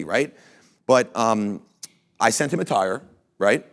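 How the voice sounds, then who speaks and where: A man, a company founder, telling blunt, energetic motivational stories to a live audience and swearing casually. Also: medium pitch, a little slow, gravelly, long pauses. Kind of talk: motivational storytelling talk.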